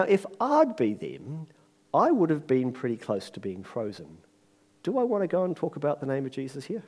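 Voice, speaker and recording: A man preaching a sermon in a lively, conversational way, joking and acting out quotes. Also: mid-range voice.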